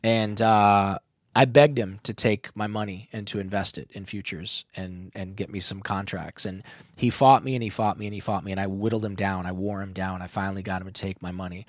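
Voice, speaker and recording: A man's voice: deep voice, a little fast, dry recording, clean studio sound. A man telling a candid personal story, emotional and full of swearing. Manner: emotional, profane, animated storytelling.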